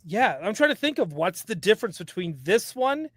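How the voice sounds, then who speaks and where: A man's voice: sits high, big pitch swings, normal speed, a bit bright, no echo, studio quality. A man co-hosting a casual podcast, laughing often and reading wiki entries aloud. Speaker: podcast co-host. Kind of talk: casual chat while browsing a wiki.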